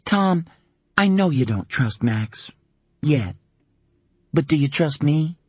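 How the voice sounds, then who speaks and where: A male narrator voicing a woman in her early thirties, a gentle but firm mother, speaking a bit higher than his own voice. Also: animated, slow pace, no echo. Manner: gentle and earnest, turning firm.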